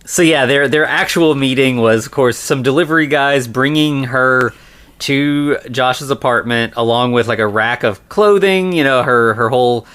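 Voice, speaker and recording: A man's voice: mid-range voice, moderate pace, fairly bright tone, smooth. A man co-hosting a podcast, casually retelling a film's plot in a rambling way full of "um" and "like". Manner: rambling retelling with many ums and likes. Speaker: podcast co-host. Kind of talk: casual film-review chat.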